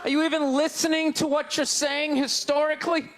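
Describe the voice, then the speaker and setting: A man with a Boston accent doing a stand-up set on stage, ranting in loud, exasperated bursts that break into shouts. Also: very high-pitched, little pitch movement, brisk. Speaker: stand-up comedian. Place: live comedy stage before an audience. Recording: live crowd laughter, faint background noise. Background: audience laughter.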